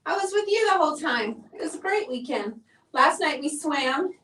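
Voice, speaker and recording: A woman with a fairly high voice chats cheerfully with her live audience as she paints. She sounds a little winded from the effort. The mic sits away from her, so she sounds distant. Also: expressive, normal speed, a bit bright. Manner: chatty and upbeat, talks while working. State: out of breath. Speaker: painter hosting a live stream. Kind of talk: live painting tutorial chat. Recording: voice heard from a distance.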